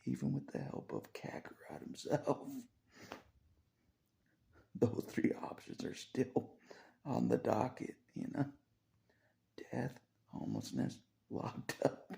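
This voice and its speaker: An exhausted man rambling in a half-whispered voice. He repeats himself and chuckles softly between phrases. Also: mid-range voice, huge pitch swings, slow, creaky, long pauses, a little hiss or hum. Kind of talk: rambling spoken confession.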